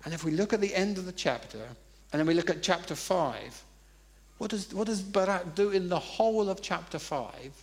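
A man's voice: high-pitched, animated, normal speed. A man preaching a sermon, telling funny personal stories in a conversational way. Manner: conversational, humorous storytelling.

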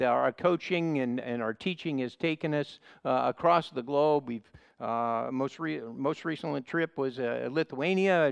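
A man with a nasal Midwestern American accent preaching a sermon as a visiting pastor, earnest and repetitive, often pausing with uhs and restarting his sentences. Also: a little high, vocal fry, smooth, no room sound. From Ohio, United States.

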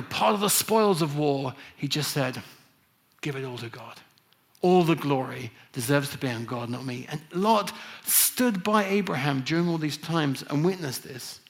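A man's voice: on the high side, vocal fry, fairly bright tone. A middle-aged man from England preaching a conversational sermon, with frequent restarts and fillers.

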